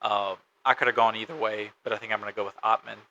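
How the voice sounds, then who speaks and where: A man's voice: fairly low pitch, little pitch movement, fast, creaky, bright, forceful tone, dull audio, a little hiss or hum. A man co-hosting a casual sports podcast, matter-of-fact as he runs through stats and betting odds. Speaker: podcast co-host.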